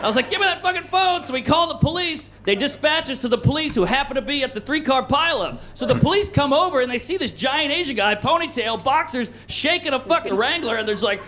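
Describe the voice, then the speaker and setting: A stand-up comedian from Louisiana tells a story with a very high voice. He throws himself into it and acts out shouts and panicked lines. The clip has a steady, noisy background hum. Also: fast, few pauses. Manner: animated, acts out yells and panicked quotes.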